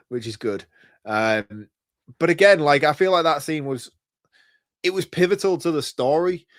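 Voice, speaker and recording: A man in a mid-pitched voice rambles through his gripes about a film in casual podcast chat. He questions and laughs along, and the sound is dry and close. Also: dry recording. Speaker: podcast co-host.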